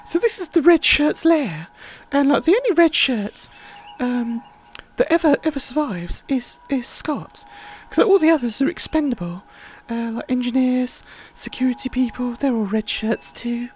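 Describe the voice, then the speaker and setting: A woman's voice: high voice, lively intonation, normal speed, hardly any pauses, a little mellow, breathy edge. A woman hosting a livestream, chatting in a rambling, casual way with many fillers. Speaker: livestream host.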